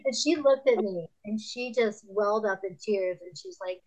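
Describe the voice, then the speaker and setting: Animated storytelling woman in her fifties. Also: moderate pace, hardly any pauses, rough recording. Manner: animated, laughs often, acts out others' lines in a higher voice. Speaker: podcast guest, author. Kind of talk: candid conversational storytelling.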